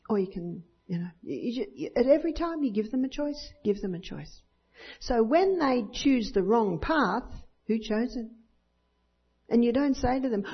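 A woman's voice: on the high side, animated, moderate pace, husky. A woman giving a teaching talk to an audience, acting out bits of dialogue and often asking listeners for agreement. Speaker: parenting teacher at a church talk. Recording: dull lo-fi recording.

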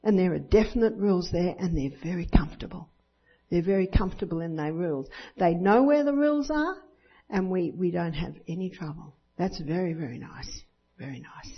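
An older woman with a lowish, breathy voice preaches at a moderate pace, a Christian speaker weaving in personal stories and acting out voices of children and others. It's a dull lo-fi recording.

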